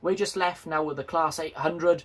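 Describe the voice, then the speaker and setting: A man's voice: on the high side, steady tone, moderate pace, a bit bright. A man chatting casually and jokingly to his video viewers, self-deprecating and friendly. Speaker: model railway YouTuber.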